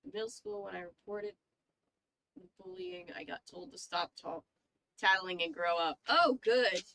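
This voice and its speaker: Bright-voiced young woman reading aloud. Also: medium pitch, sing-song, normal speed, vocal fry, poor audio. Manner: chatty, reacts to chat, swears casually. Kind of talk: casual book reading and chat.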